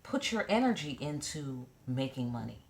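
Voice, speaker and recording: Her bass voice swings widely in pitch and turns creaky as she reads tarot to camera at normal speed. She keeps it casual, blunt and profane, with joking asides and repeated "okay?".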